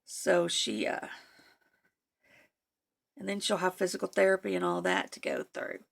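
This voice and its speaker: A woman's voice: fairly low pitch, big pitch swings, a little slow, gravelly. A woman vlogger chatting casually while she works on a craft project. She talks to herself and her materials, sometimes dropping to a near-whisper. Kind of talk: casual crafting tutorial chat.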